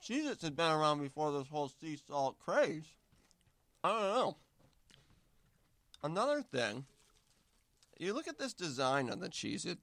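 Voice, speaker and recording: A man's voice: fairly high pitch, sing-song, measured pace, pauses often, fairly bright tone, dry recording. A man guest in a casual snack-tasting chat, rambling in a mock-serious way with hesitant restarts, talking with his mouth full while eating.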